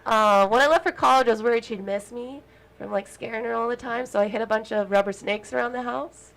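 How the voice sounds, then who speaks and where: A woman's voice: on the high side, fairly quick, gravelly, fairly bright tone, slight background noise, rough recording. A young woman, a guest on a comedy talk show, chatting in an upbeat way with plenty of fillers. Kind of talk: casual chat.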